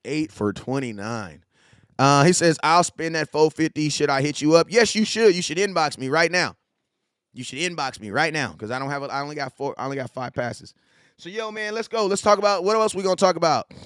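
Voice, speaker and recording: A man in his forties hosting a casual live sports talk stream, animated and repetitive, full of slang, talking straight to his chat. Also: a little high, fairly quick, clear, resonant tone, no echo, clean studio sound. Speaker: live show host.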